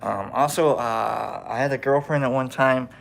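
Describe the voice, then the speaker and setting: A man's voice: medium pitch, moderate pace, vocal fry. A man with a Nebraska accent chatting casually on a livestream, joking about himself and often trailing off into a mumble. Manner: joking, self-deprecating, often drops to a mumble. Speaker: host of a mushroom-growing livestream. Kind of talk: rambling casual livestream chat.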